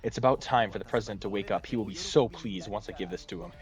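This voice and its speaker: A man's voice: on the low side, fast, pitched below the performer's own voice, close to an everyday voice. A man voicing a scheming, arrogant male company director who sneers and throws insults. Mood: smug. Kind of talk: reading game dialogue aloud in voices.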